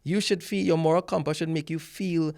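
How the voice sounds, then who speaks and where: A man's voice: fairly high pitch, fairly even intonation, brisk, creaky. A man speaking in a podcast discussion, earnest and insistent, pressing hard on his points. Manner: earnest, insistent, rising to forceful emphasis. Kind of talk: casual discussion.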